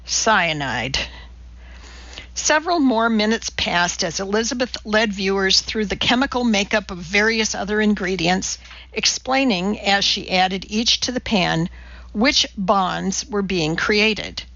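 A woman narrating an audiobook in a measured, even storytelling manner. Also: mid-range voice, no room sound, muffled recording. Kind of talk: scripted narration.

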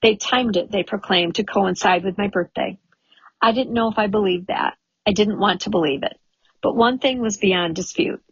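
A woman narrating a first-person memoir audiobook in a measured, wry storytelling manner, in a dull, lo-fi recording. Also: mid-range voice, fairly bright tone, breathy edge, no room sound. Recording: dull lo-fi studio recording, dry.

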